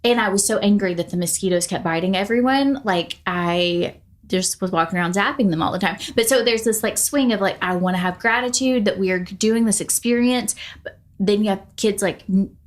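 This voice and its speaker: A woman's voice: medium pitch, a little fast. A woman co-hosting a casual podcast, rambling with lots of fillers and restarts. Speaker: podcast co-host. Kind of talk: casual chat.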